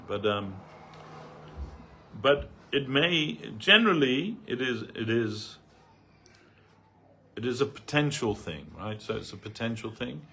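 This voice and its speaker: A man's voice: medium pitch, sing-song, slow, pauses often, bright, forceful tone, slight background noise. A man giving a loose, anecdotal talk on a spiritual reading, full of "like" and "you know". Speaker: devotee speaker. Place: temple hall.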